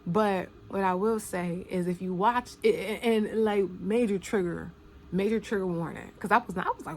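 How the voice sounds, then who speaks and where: A woman's voice: medium pitch, moderate pace, a little hiss or hum. Emphatic, repetitive woman talking casually. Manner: emphatic, repeats phrases for stress, slangy. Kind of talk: casual spoken commentary.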